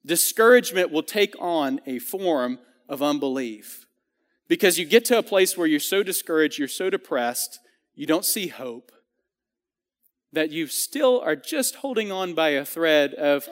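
A man's voice: fairly high pitch, lively intonation, a little slow. Earnest man preaching in a reverberant church. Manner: earnest, conversational, many restarts and fillers. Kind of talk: sermon. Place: church sanctuary.

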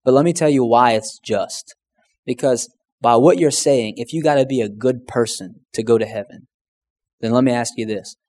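A pastor with a drawl tells his testimony in an earnest, conversational way, and he often says "man" and "you know." His voice sits in a middle male pitch. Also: moderate pace, a little mellow. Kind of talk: storytelling testimony.

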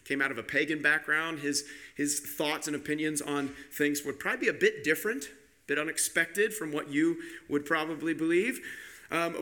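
A man preaching a sermon with emphatic delivery, slowing down and speeding up to stress his points. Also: a little high, sharp tone. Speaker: pastor.

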